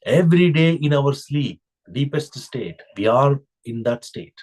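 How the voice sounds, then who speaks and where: A man's voice: medium pitch, expressive, unhurried, a little mellow. A man giving a spiritual discourse as a teacher, reflective and full of rhetorical questions.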